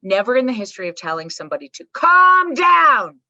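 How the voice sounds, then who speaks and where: A woman's voice: mid-range voice, lively intonation, rapid-fire, dry recording, dull audio. A woman psychologist guest talking emphatically on a podcast, swearing casually and checking in with "right?" and "okay". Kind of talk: energetic podcast conversation.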